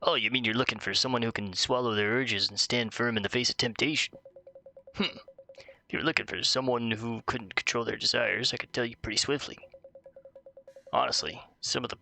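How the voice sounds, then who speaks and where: A man's voice: mid-range voice, fairly even intonation, normal speed, gravelly, bright, forceful tone, soft background music, poor audio. A man doing a flustered gossipy bird shopkeeper. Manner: hesitant, apologetic.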